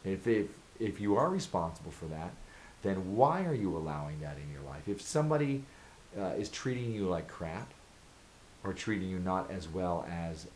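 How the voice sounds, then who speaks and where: A man with a notably deep voice talks straight to his viewers in an advice vlog. He is earnest and emphatic, circling back again and again to the same pointed questions. A faint hiss sits under the recording. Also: darkish tone, low-quality recording. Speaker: vlogger giving advice. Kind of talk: direct-to-camera advice monologue.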